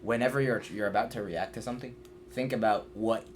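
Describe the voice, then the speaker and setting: Deep-voiced young man, reflective host. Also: brisk, a little hiss or hum. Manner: reflective, earnest. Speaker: podcast host. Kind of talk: casual chat.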